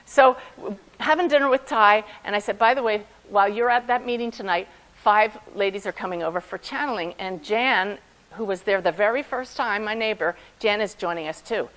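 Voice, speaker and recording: A woman, a medium, telling lively personal stories to a conference audience, often laughing as she speaks. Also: mid-range voice, moderate pace, low-quality recording. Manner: animated anecdotes with frequent laughter. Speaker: medium giving a talk. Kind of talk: storytelling talk to an audience.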